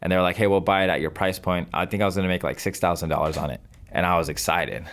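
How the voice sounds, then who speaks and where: A deep-voiced man in his twenties tells a story as a podcast guest. He talks casually and replays his old phone calls in lively bursts. His voice sits low throughout. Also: rapid-fire. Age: 20s. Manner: animated storyteller, acts out his own past phone calls. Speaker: podcast guest, real estate investor.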